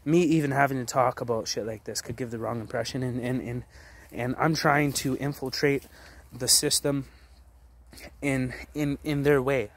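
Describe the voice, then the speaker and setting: A man in his late twenties delivers an intense, profanity-laced rant at a middle pitch. His talk is blunt and forceful and stumbles over repeated words as he pushes his point. A faint ambient hum sits behind the voice. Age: 20s. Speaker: vlogger.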